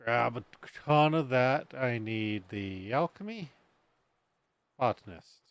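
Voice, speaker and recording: A man's voice: medium pitch, animated, slow pace, no room sound. A man streaming a building game, talking to himself in a casual, rambling way and humming under his breath. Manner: mutters and hums to himself while building. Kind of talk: casual gameplay commentary.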